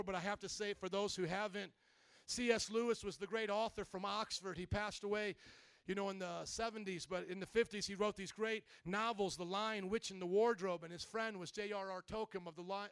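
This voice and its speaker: Brief: emphatic male pastor, rousing sermon, very high voice, dry close sound. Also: clean tone, dry recording. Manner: emphatic, rousing, calls for responses.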